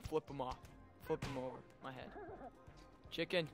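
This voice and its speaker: A young man giving casual, excitable commentary while playing a video game. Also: medium pitch, a little fast, music in the background. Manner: excitable, yelps and shouts at sudden moments. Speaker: gaming video host.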